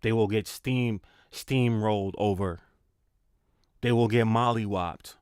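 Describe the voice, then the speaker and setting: A man's voice: fairly low pitch, fairly even intonation, slow, a little mellow, clear, resonant tone, dry recording, clean studio sound. A man giving a spiritual tarot reading in a casual, slangy, encouraging way, repeating himself for emphasis. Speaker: tarot reader.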